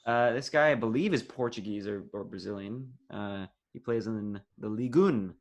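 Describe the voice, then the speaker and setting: Teasing teen quizmaster. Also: male voice, lowish voice, moderate pace. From United States. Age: teens. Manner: teasing, upbeat, runs the quiz. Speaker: podcast co-host and quizmaster. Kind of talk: casual sports podcast chat. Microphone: video call.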